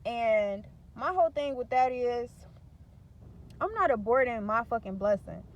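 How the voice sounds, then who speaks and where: A young woman speaks candidly to her viewers. She is blunt and profane and vents in frank, unfiltered words. Her voice sits a little high. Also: expressive, unhurried, dull audio. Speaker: vlogger. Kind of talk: candid talk to camera.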